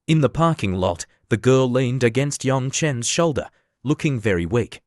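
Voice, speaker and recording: A man narrating an animated story recap in a steady, even scripted reading. His voice sits at a middling pitch, dry and close to the mic with no room sound. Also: moderate pace, hardly any pauses, no room sound.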